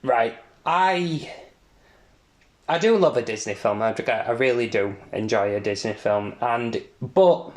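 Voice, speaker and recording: Slow-talking, enthusiastic co-host. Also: male voice, mid-range voice, echoey room. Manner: enthusiastic, rambling, laughs often. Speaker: podcast co-host. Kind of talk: casual film chat.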